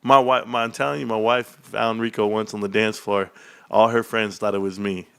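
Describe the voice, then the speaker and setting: His voice is lowish, gravelly yet clear and resonant, with little pitch movement and a moderate pace. He's a stock livestream host telling rambling, joking stories on a casual stream, full of "bro" and frequent laughs.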